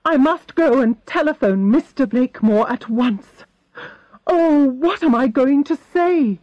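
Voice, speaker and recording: A woman's voice: high-pitched, animated, a little slow, no room sound, dull audio, voice pushed up. Miss Vixen, woman reading an anxious, fluttery lady.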